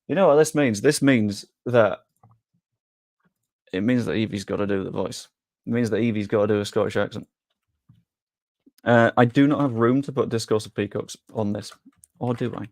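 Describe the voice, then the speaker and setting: A man's voice: lowish voice, a little fast, long pauses, darkish tone, dry recording, clean studio sound. A young man hosts a live stream, talking casually and making jokes at his own expense. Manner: chatty, jokey, self-deprecating. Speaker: streamer hosting a sweepstake draw.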